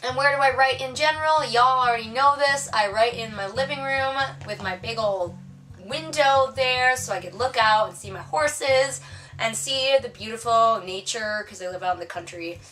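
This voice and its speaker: A woman's voice: a little high, normal speed, bright, forceful tone, distant mic, soft background music. A woman author chatting casually through tag questions on her vlog, playful and self-mocking. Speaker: author vlogger.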